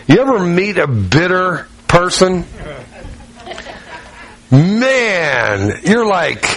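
A middle-aged man preaching a sermon with a slightly high voice. He talks conversationally, repeating phrases for emphasis and asking his listeners direct questions as he works through his anecdotes. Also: very animated, drawn-out words, fairly bright tone, poor audio. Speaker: pastor.

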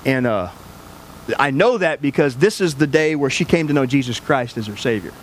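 A man's voice: medium pitch, animated, moderate pace, a little hiss or hum. A man pastor preaching a sermon, telling a personal story in an earnest, conversational way with frequent restarts.

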